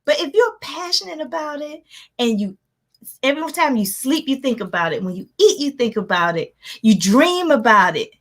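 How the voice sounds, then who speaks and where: A woman life coach giving an energetic motivational talk, animated and laughing often as she acts out her own reactions. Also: high-pitched, normal speed. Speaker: life coach hosting a live motivational session.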